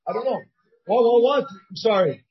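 A man's voice: extremely high pitch, lively intonation, moderate pace, husky, lo-fi sound. A rabbi teaching a casual Talmud study class. He thinks aloud, restarts often, and puts questions to his students. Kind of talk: informal Talmud study lesson. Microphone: shared class recording, partly over a video call.

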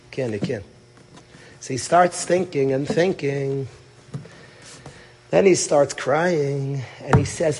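A middle-aged man, a rabbi who teaches at a yeshiva, telling a story in a sermon, emphatic and full of rhetorical questions, swinging from loud to hushed. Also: a little high, animated, unhurried, pauses often, big-room sound, background noise.

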